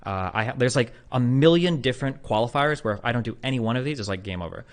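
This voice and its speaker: Fast-talking man, rambling and blunt. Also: medium pitch, animated. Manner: rambling, filler-heavy, blunt and profane. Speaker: streamer. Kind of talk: casual monologue to a livestream audience.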